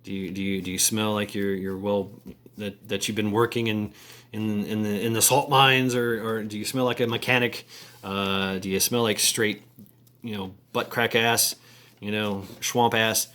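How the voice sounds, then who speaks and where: A man talking casually to camera in a halting, rambling way, full of fillers, restarts and crude slangy asides. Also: lowish voice, level tone, pushed and bright. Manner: halting, many repeated words and fillers. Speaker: vlogger.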